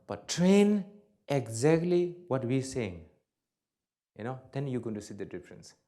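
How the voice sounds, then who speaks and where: A man's voice: sing-song, unhurried. Blunt, joking Buddhist teacher, a man. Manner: blunt, joking, plain-spoken with broken English grammar; swings between loud emphatic bursts and soft low asides. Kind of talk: dharma talk to an audience.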